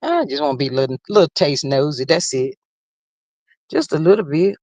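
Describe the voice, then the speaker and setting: A woman's voice: sits low, animated, moderate pace, mellow, no echo. A woman hosting a casual live stream, talking straight to her viewers and reading out the chat in a folksy, chatty way.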